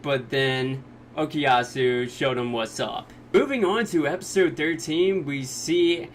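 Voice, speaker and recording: A man of ordinary pitch talks through anime episodes in a casual, joking recap. Now and then he slips into the characters' lines. A faint hiss runs under the recording. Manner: jokey retelling, quick quoted voices of characters. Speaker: anime reviewer.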